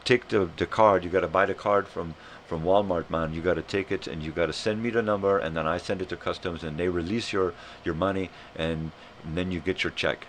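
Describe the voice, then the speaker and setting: A man voicing a pushy male lottery scammer on the phone, talking in fast, broken sales patter. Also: deep voice, steady tone, fairly bright tone, a little hiss or hum. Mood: wheedling.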